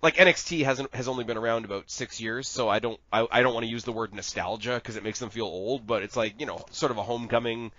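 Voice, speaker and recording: A man co-hosting a podcast in casual wrestling chat, animated and rambling, swearing freely. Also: medium pitch, quick pace, few pauses, dry recording, muffled recording. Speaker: podcast co-host.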